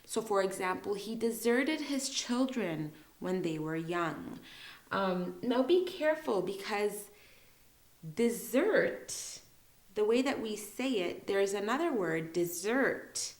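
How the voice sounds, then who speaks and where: A woman's voice: medium pitch, lively intonation, unhurried, reverberant. A young woman teaching English vocabulary in a patient, careful way, drawing out the example words so learners can hear the stress. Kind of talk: slow, careful teaching explanation.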